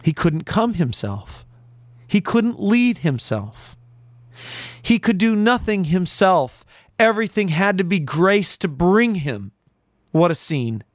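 A man preaching a sermon in an earnest voice, building emphasis and pausing for effect. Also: sits high, sing-song, no echo. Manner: earnest preaching with rising emphasis and dramatic pauses.

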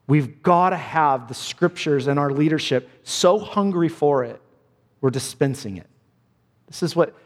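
A man's voice: on the high side, big-room sound. A man preaching a sermon as pastor, earnest and emphatic, repeating his key phrases.

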